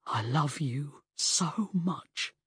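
A woman reading an audiobook, voicing an anxious, earnest middle-aged male police inspector who speaks low, halting and solemn. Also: lively intonation, husky, dry recording, studio quality, exaggerated voice. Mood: earnest, tender. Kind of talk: audiobook character voice.

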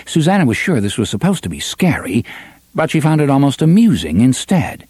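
A man narrates a novel with expressive, dramatic storytelling, speeding up and slowing down for effect. His voice is husky and mid-pitched with a lively melodic range. The recording is dry and close. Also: dry recording. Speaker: audiobook narrator. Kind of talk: scripted narration.

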